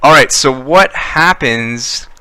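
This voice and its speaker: A man's voice: mid-range voice, takes it slowly, sharp tone, smooth. A young man running a tabletop game as game master, narrating with many fillers and restarts.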